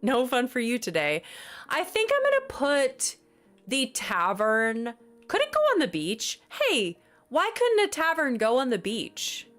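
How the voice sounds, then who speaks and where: A woman's voice: sits high, wildly swooping pitch, unhurried, a bit bright, faint music behind. A woman streamer chatting casually on a livestream, flustered, exasperated and apologetic.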